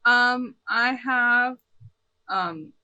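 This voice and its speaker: A man's voice: very high-pitched, very slow, pushed and bright, clear, resonant tone, dry recording, dull audio. A man playing a tabletop role-playing game, hesitant and a bit dramatic. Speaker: player. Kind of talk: casual tabletop game chat.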